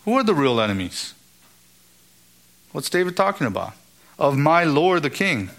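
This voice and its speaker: A man's voice: fairly high pitch, very animated, moderate pace, fairly bright tone. A man giving an expository Bible teaching, asking rhetorical questions and acting out the lines of the characters he quotes.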